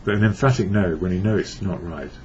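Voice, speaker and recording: Deep-voiced and a little mellow, an English recovery blogger speaks fast. He reflects on his recovery in a rambling monologue, amending what he says as he goes. Faint hiss runs beneath the dull, lo-fi sound.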